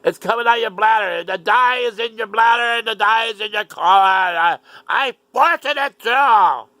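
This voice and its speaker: A man putting on the voice of an overexcited male doctor, in a shrill, mocking, sing-song way. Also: moderate pace, sharp tone, no echo. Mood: gloating.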